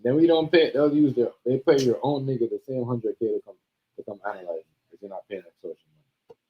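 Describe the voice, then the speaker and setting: On a livestream, a man with a medium-pitched voice talks current events at a quick pace, using casual slang and emphatic repetition. This casual commentary chat comes through in dull lo-fi stream audio.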